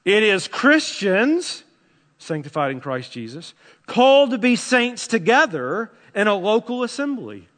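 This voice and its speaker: A man preaching a sermon as pastor, impassioned and pleading, swinging between hushed and loud passages. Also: sits high, big pitch swings, a little slow. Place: church sanctuary. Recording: long hall reverb.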